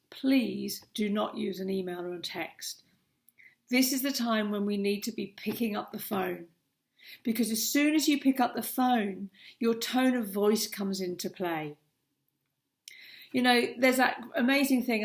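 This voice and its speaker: A woman's voice: mid-range voice, vocal fry. A middle-aged woman, a coach, giving earnest, emphatic advice straight to the viewer in a vlog. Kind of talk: direct-to-camera advice vlog.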